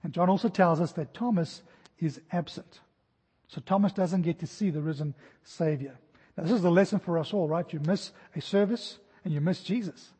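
A man in his forties preaching an expository sermon, animated, acting out the jumps and shouts of his stories. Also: on the high side, normal speed, slightly rough, in a large hall. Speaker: pastor.

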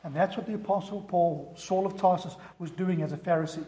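A male pastor preaching a sermon with animated storytelling. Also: sits high, brisk, roomy sound, big-room sound.

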